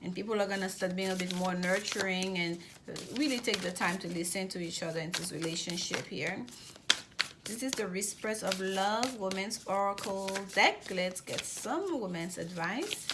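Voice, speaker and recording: A woman giving a general tarot reading, talking fast and often restarting and repeating words as she goes. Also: mid-range voice, heavy background noise. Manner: rapid, repetitive with many restarts. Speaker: tarot reader.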